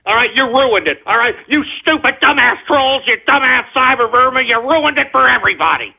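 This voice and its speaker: A man hosting an internet radio talk show, ranting and cursing at trolls and breaking into shouts. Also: very high voice, animated, fairly quick, vocal fry, husky. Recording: tinny phone-like lo-fi audio.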